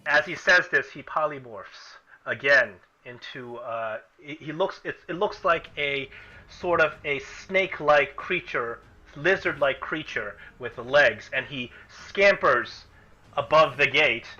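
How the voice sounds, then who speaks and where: Bright-voiced man running a tabletop game. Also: on the high side, measured pace, dull audio. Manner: thinks aloud, restarts sentences. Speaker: game master.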